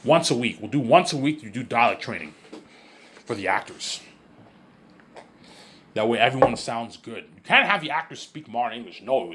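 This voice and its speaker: Here a vlogger with a medium-pitched, fairly bright voice wanders through an offhand monologue. He's repetitive, boastful and confident throughout.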